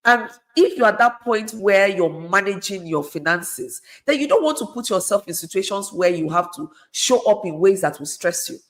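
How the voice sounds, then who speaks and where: A woman's voice: mid-range voice, animated, moderate pace, hardly any pauses. A middle-aged woman, speaking as a guest in an earnest, conversational way and repeating phrases for emphasis. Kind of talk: conversational advice talk.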